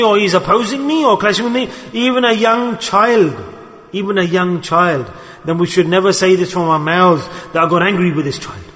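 A man giving a sermon on a hadith, quick and emphatic, firing rhetorical questions at the audience. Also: high voice, pushed and bright. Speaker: preacher. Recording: long hall reverb.

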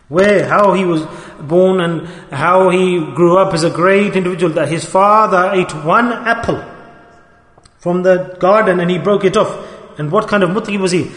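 A high-pitched man delivers a sermon, telling a moral story and pressing the listeners with urgent, repeated questions. He speaks in fast bursts. His voice rings through a roomy hall with a long reverb tail. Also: fairly bright tone. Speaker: preacher.

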